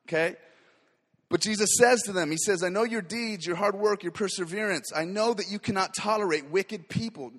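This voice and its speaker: A man preaching a sermon with fervent energy, swinging between quiet asides and loud declarations. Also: high-pitched, normal speed, in a large hall.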